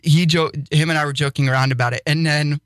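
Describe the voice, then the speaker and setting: A young man co-hosting a casual podcast, an excitable storyteller who laughs often and slips into radio-DJ patter. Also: fairly high pitch, quick pace, no echo. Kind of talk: casual chat.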